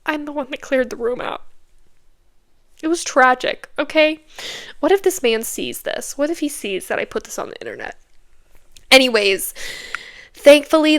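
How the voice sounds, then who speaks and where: A woman's voice: fairly high pitch, fairly bright tone, smooth. A young adult woman hosting a podcast, telling a candid, self-mocking story in a casual chatty way and tagging her lines with "okay?". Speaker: podcast host.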